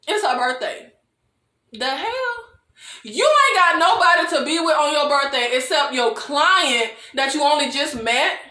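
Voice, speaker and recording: A young woman giving a comedic TV recap, animated and quick to laugh. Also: high-pitched, echoey room. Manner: animated, laughs often, mock-quotes characters in exaggerated voices. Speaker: TV recap vlogger.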